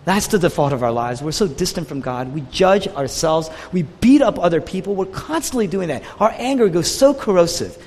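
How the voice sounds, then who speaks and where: A man preaching a sermon with an impassioned delivery that swings from quiet to raised, with a husky voice. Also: high voice, lively intonation, fairly quick, hardly any pauses, in a large hall.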